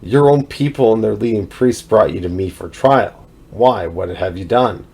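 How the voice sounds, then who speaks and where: A man's voice: fairly low pitch, moderate pace, vocal fry, darkish tone, breathy edge. A man reading aloud the lines of a male Roman governor questioning a prisoner in a scripture reading. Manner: questioning, plainly read quotations.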